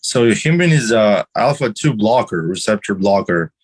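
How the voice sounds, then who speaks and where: A man's voice: fairly low pitch, animated, normal speed, husky, poor audio. A man on a podcast explaining things at length, with many restarts and fillers. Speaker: podcast guest. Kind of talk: casual podcast chat about drugs.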